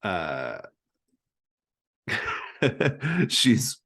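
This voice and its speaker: A male game master narrating a tabletop game in a very low voice. He talks casually and loosely, rambling and hesitating as he describes scenes. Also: huge pitch swings, extremely slow, a bit bright.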